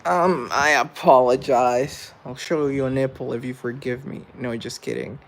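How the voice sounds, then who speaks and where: A man's voice: mid-range voice, moderate pace, creaky. A man hosting a live stream, chatting casually with viewers in a rambling, joking, self-deprecating way. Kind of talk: casual chat reading viewer comments.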